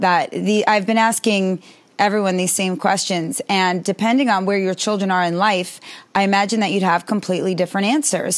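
Upbeat woman hosting a podcast. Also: mid-range voice. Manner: upbeat, encouraging, scripted questions. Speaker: podcast host. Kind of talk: interview hosting.

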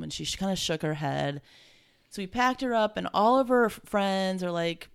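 A middle-aged woman with a low voice and a gravelly edge talks as an interview guest. She speaks from the heart, emotional and halting, and often breaks off and restarts. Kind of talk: heartfelt conversation.

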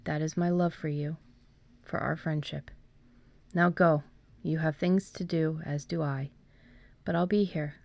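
A woman voicing the gentle ghost of a dead aunt, speaking softly and tenderly. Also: sits low, steady tone, unhurried, gravelly, dry recording.

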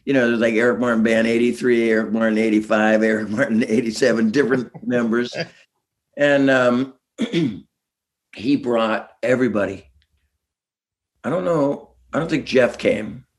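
A man's voice: mid-range voice, normal speed. Rambling, chuckling man telling stories. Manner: rambling, chuckling, many restarts. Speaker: guest musician. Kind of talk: casual interview storytelling.

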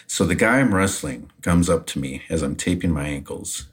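A man co-hosting a podcast, telling a backstage anecdote in a casual, animated way and laughing often. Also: low-pitched, normal speed. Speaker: podcast co-host, retired wrestler. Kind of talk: casual storytelling.

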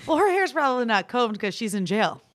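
A woman comedian and writer appearing as a podcast guest, chatting casually with deadpan, absurd jokes. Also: on the high side, fairly quick, no echo, studio quality.

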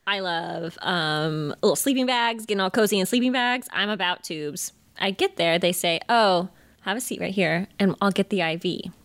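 A woman co-hosting a podcast, telling stories in a casual, animated way, swearing freely and laughing often. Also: medium pitch, moderate pace, dry recording. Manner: animated, profane storytelling with frequent laughter. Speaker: podcast co-host. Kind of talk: casual chat.

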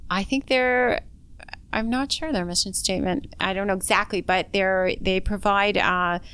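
A woman's voice: mid-range voice, fairly even intonation, moderate pace, fairly bright tone, clean tone. A middle-aged woman from Canada, a doctor interviewed in a casual chat, talking frankly and plainly with self-deprecating humor.

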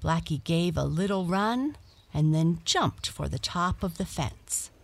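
A woman gently reading a children's bedtime story aloud as the storyteller. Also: on the low side, expressive, creaky. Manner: gentle and measured.

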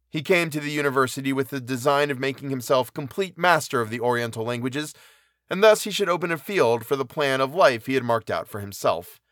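A man reading a classic novel aloud in a measured, even narration. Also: medium pitch, no room sound, clean studio sound. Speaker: audiobook reader.

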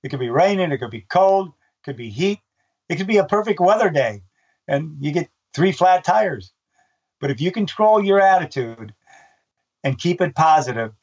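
Older guy announcer telling stories, acts out his yelling, kinda dull lo-fi sound. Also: a little high, husky, recorded from a distance. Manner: animated storyteller, acts out his own shouts. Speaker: race announcer and book author. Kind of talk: casual interview chat.

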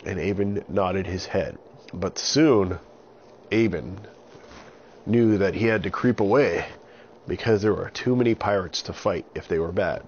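A man with a gravelly, low voice narrates a children's story. He tells it in an animated way and throws in sound effects. The recording is dull and lo-fi, with a faint hiss. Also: unhurried.

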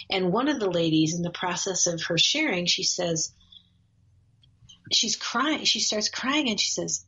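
A woman with a slightly low, husky voice tells a story in a relaxed, conversational way. She speaks earnestly, laughs lightly and often restarts her phrases. The audio is a bit dull and lo-fi. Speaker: guest, course facilitator.

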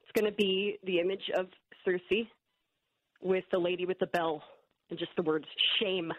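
A woman's voice: lowish voice, fairly even intonation, normal speed, no echo. A woman calling a sports radio show from California, eager to share her idea. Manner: eager, enthusiastic fan. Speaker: caller. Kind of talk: phone-in call to sports radio. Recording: dull lo-fi phone line.

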